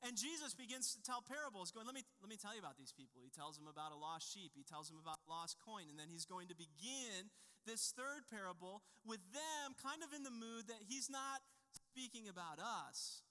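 A man with a high, very bright voice delivers a sermon, talking in an easy, anecdotal way and restarting phrases as he goes. His voice rings out with a long reverb in a large church hall. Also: lively intonation, normal speed, clean tone. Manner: conversational, anecdotal preaching with frequent restarts. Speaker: pastor.

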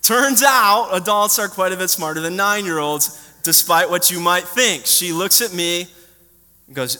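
A male pastor with a high, very bright voice, preaching to a congregation in a church. His storytelling is animated and he quizzes the children as he goes. A long hall reverb trails behind every word. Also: unhurried. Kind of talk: sermon to a congregation. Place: church sanctuary.

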